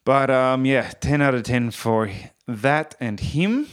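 A man's voice: medium pitch, slow pace, smooth. A man and musician giving a casual, enthusiastic spoken review, rambling with fillers and restarts.

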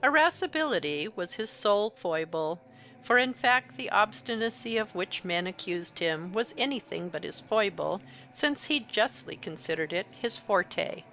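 A woman reading a classic story aloud as an audiobook narrator, in a clear, even way. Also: medium pitch, normal speed, a little hiss or hum. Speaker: audiobook reader. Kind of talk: scripted narration.

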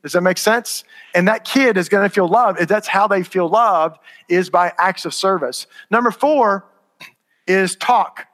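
A man's voice: high-pitched, unhurried, fairly bright tone. A middle-aged man giving a conversational conference talk to parents, often checking whether the audience follows. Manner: conversational, asks the audience if it makes sense. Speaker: conference speaker. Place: conference hall. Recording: reverberant hall.

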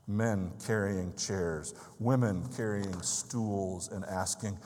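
A man's voice: low voice, slow, a little mellow, long reverb tail. A man preaching a sermon, telling a story in an earnest, emphatic way.

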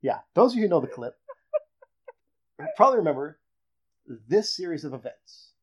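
Animated man telling a sports story. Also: fairly high pitch, normal speed, slightly rough. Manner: animated storyteller, builds up reveals. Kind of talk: casual sports podcast chat. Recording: dull lo-fi audio.

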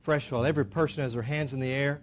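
A man preaching a sermon, building to shouted declarations and leading the congregation in call-and-response, then dropping into soft prayer. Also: mid-range voice, fairly even intonation, racing. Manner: drops into soft, quiet prayer. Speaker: pastor.

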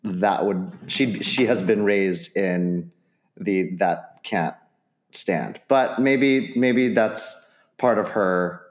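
Give me a man chatting on a podcast, halting and thinking aloud, with an echoey sound. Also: low-pitched. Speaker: podcast panelist. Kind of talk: casual chat. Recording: roomy echo.

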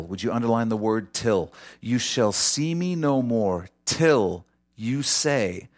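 A man preaching a sermon as pastor, swinging from high, ringing quotes down to low, soft conclusions, with direct asides to his listeners. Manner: addresses the congregation directly, conversational asides.

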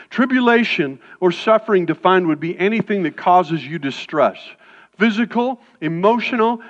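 A male pastor preaching a sermon in a conversational, animated way, breaking off into quick asides. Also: high voice. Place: church sanctuary. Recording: dull sound in a reverberant hall.

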